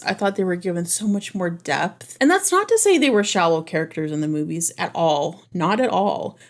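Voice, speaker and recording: A woman's voice: lowish voice, darkish tone. A woman vlogging about books in a casual, gushing, enthusiastic way, full of "like" and "oh my gosh". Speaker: book vlogger. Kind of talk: casual chat to camera.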